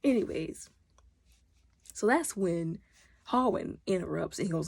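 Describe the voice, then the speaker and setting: A woman recaps a TV episode with animated, opinionated commentary and talks back to the characters. Her voice is husky and a little low. The sound is close and dry. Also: unhurried, dry recording. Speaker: video recap host.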